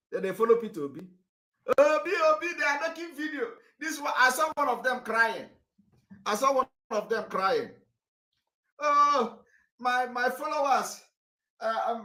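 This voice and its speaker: A man with a Nigerian accent giving an impassioned political address, fiery and repetitive, sometimes rising to a shout. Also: sits high. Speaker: political activist.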